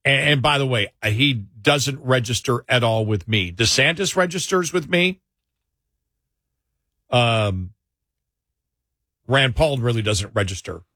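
A man's voice: medium pitch, animated, measured pace, pauses often, bright, forceful tone, no echo, clean studio sound. A man hosting a casual political talk show, conversational and sometimes sarcastic, often correcting himself mid-sentence.

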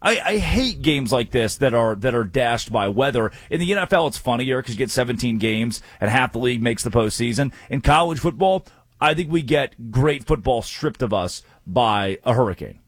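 A male sports talk host with a slightly husky voice, recorded dry and close on a studio mic. He breaks down games with energetic, opinionated picks. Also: medium pitch, moderate pace, no room sound. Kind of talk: sports talk radio banter.

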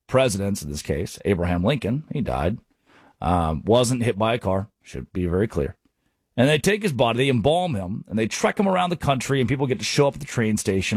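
A young adult man hosting a sports radio show, telling rambling stories in an animated monologue. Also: mid-range voice, breathy edge, dry recording, studio quality.

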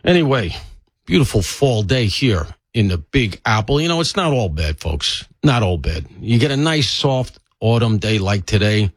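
Older NY talk radio host, animated pitch, dry studio sound, joking rambling delivery, a bit stuffy. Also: male voice, normal speed, no echo. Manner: chatty, joking, grumbling asides. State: stuffy from allergies. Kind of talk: casual talk radio monologue. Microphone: studio mic.

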